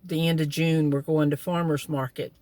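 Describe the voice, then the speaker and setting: A middle-aged woman's deep, mellow voice carries a flat delivery at a moderate pace, with no echo. Seated in a car, she tells folksy family stories for a casual vlog and chuckles as she speaks.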